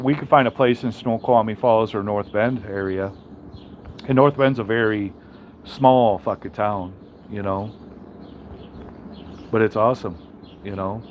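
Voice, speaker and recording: A man's voice: fairly low pitch, highs cut off, a little hiss or hum. Blunt, profane man rambling casually. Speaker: trucker streamer reading chat. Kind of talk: casual livestream chat.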